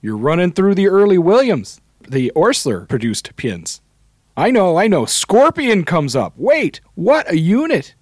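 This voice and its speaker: A man voicing an eager male pinball fan with a Canadian accent, reading his message in a raised, excited voice. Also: measured pace, dry recording, clean studio sound, heavily acted. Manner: excited, high-pitched read-out voice.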